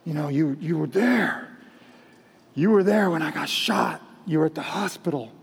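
A man's voice: fairly high pitch, moderate pace, creaky, breathy edge. A man voicing, in a joke, a husband just out of a coma who earnestly lists things to his wife.

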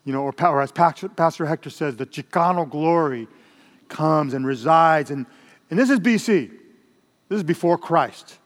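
A man's voice: on the high side, moderate pace. An older man preaching a sermon as pastor, in a conversational style with Spanish asides. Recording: long hall reverb.

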